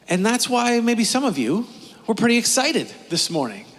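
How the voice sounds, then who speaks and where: Chatty high-voiced pastor. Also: male voice, big pitch swings, moderate pace, a bit bright. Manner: chatty, storytelling with playful voices. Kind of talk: casual sermon. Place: church. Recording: long reverb of a church hall.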